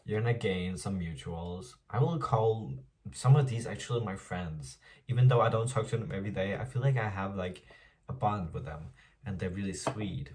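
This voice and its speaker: A young man with a lowish voice speaks candidly in a casual home vlog, chatty and open with his viewers. He laughs often and calls them "girl". The mic sits a little way off, so he sounds slightly distant. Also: moderate pace, darkish tone. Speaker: vlogger. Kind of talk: casual confessional vlog monologue. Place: home apartment.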